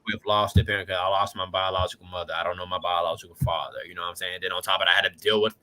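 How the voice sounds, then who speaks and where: A man's voice: low voice, level tone, rapid-fire, pushed and bright. A man in his late twenties from Washington DC, a podcast guest telling his life story in a casual, earnest way, often adding "you know what I'm saying". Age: late 20s.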